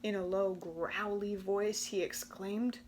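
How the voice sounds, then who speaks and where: A woman reading a children's picture book aloud with expressive, animated storytelling. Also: medium pitch, takes it slowly, a little hiss or hum. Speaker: storybook reader.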